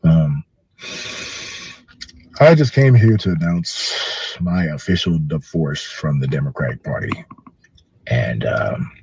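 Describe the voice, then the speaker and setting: A weary, low-energy man talking slowly and quietly from his parked car. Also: slight background noise, rough recording. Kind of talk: personal social media statement.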